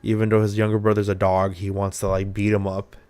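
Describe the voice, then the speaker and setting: A young man chatting casually as host of a live stream, his voice sitting a little low. He rambles, jokes and swears offhandedly. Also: monotone, quick pace, a little mellow.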